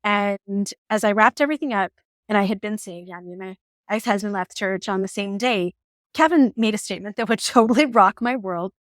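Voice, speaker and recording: A woman in her forties telling a personal story on her vlog in an animated, emotional way, laughing now and then. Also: mid-range voice, brisk, no echo, clean studio sound. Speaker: vlogger.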